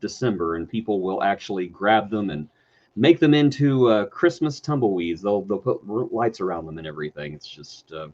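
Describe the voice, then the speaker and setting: A man's voice: fairly low pitch, lively intonation, moderate pace, a little mellow. A man with a Texas accent hosting a podcast in casual, joking chat. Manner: jokey, slips into funny voices. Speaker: podcast host. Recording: dull lo-fi sound.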